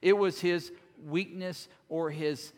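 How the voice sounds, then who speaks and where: A man, a lead minister, preaching a sermon earnestly, swinging between loud emphasis and quiet, soft-spoken moments. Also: a little high, fairly even intonation, takes it slowly. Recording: long hall reverb.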